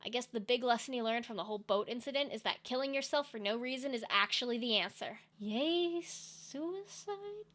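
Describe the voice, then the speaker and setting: A woman's voice: a little high, steady tone, quick pace, hardly any pauses, a bit bright. Sarcastic young woman ranting about movies. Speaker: video essay commentator. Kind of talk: comedic movie commentary.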